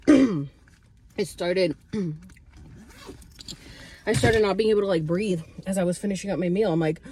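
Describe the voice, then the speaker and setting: A woman chatting to the camera in a casual vlog from a parked car, bubbly and chatty, acting out what others said in a high voice. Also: slow, pauses often, slight background noise. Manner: chatty and bubbly, retells with excited high quotes. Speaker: vlogger. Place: parked car on a road trip.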